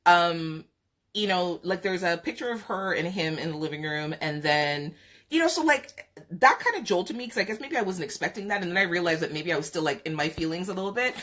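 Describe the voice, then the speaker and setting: A woman hosting a live podcast, telling a personal story in a frank, chatty way. Her voice sits a little low for a woman. She laughs often and trails into drawn-out pauses. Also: expressive, fairly bright tone. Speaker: podcast host. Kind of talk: candid storytelling on a live stream.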